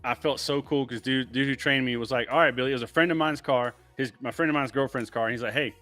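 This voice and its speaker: A man who tints windows is a guest on a casual livestream, laid-back and rambling, filling his talk with "like" and "man." He talks fast with a medium-pitched, fairly even, slightly bright voice, and faint music plays behind him.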